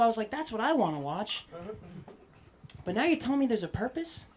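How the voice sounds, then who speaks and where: Lively, profane young stand-up comedian from Boston. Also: male voice, very high voice, fairly quick, pauses often, breathy edge. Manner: animated, profane, swings between loud punchlines and muttered asides. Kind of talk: open-mic stand-up set. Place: comedy club stage.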